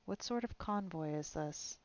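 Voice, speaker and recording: A woman's voice: fairly low pitch, measured pace, dry recording, dull audio, natural voice. A woman reading aloud and voicing a terse, grim male monster hunter who speaks curtly and levelly. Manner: curt, level.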